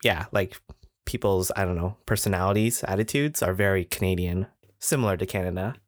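A man's voice: sits low, a little fast, dry recording. Dry, close-miked rambling male podcaster. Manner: rambling, laughing storyteller. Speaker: podcast co-host. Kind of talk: casual chat.

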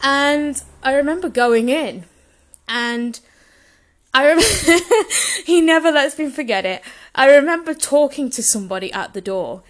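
A young woman tells a personal story. Her voice sits a little on the high side, and she tells it with open, gushing emotion. Laughter keeps slipping into her telling. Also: expressive, measured pace.

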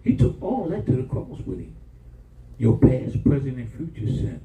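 A man's voice: mid-range voice, huge pitch swings, moderate pace, gravelly, dark tone. A man preaching a sermon as pastor, impassioned, calling for responses from the congregation. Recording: roomy church sound from far off.

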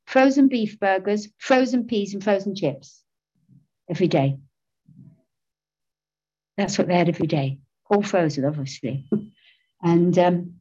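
A woman's voice: mid-range voice, warm tone. Middle-aged woman telling her recovery story, laughs a lot, pokes fun at herself, kinda muffled lo-fi sound. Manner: candid, self-mocking, laughs often. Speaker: speaker sharing recovery story. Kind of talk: personal testimony talk.

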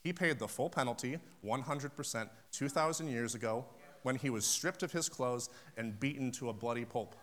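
A male preacher delivering a camp-meeting sermon in a steady mid-range voice. He tells stories with passion and acts out conversations. His delivery swells to sudden emphatic peaks. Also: medium pitch, normal speed. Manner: storytelling, acting out phone conversations. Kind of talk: sermon with personal story.

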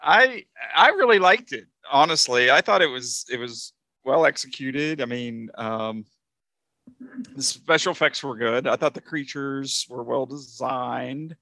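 A man co-hosting a casual movie review chat, talking in halting bursts full of fillers and restarts. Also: medium pitch, pushed and bright, no echo. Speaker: podcast co-host.

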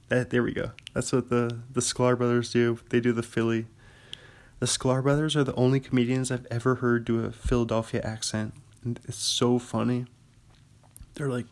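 A young man from Washington state hosts a laid-back solo podcast. He rambles at a middling pitch, chatty and quick to laugh at his own asides. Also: little pitch movement, vocal fry, darkish tone. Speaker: podcast host. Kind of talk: casual solo chat.

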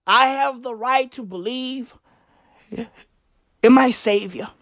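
A woman's voice: on the high side, slow, no echo, clean studio sound. A woman delivering a crude, rambling, profane comedic rant in slangy bro talk.

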